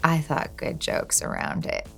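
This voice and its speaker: A woman with a low, gravelly voice chats easily as an interview guest and laughs often. Faint music plays behind her. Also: huge pitch swings, a little slow, a bit bright. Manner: laughs often, light and chatty. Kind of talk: casual chat.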